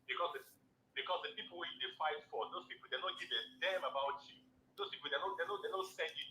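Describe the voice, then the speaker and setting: Fast-talking Nigerian man calling in. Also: a little high, sharp tone, roomy sound, rough recording. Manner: rapid, pleading, repeats words. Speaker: caller. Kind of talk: call-in opinion.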